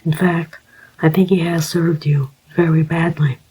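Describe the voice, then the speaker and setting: A narrator whispering the part of a gentle, formal older male inquiry agent, as whispered role-play. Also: mid-range voice, flat delivery, unhurried, husky, low-quality recording. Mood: grave.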